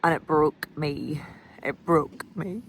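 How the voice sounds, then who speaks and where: Low-voiced Irish woman, candid and emotional. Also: takes it slowly, a little hiss or hum. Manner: emotional, candid, breaks into laughter. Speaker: vlogger recounting a cycling challenge. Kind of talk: candid personal vlog.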